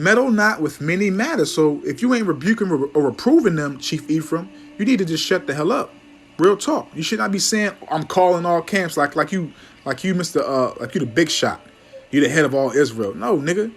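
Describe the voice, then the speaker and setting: A man preaching a fiery sermon, scolding his listeners, stumbling over words when worked up, and reading scripture slowly. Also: fairly high pitch. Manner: reads verses slowly and loudly.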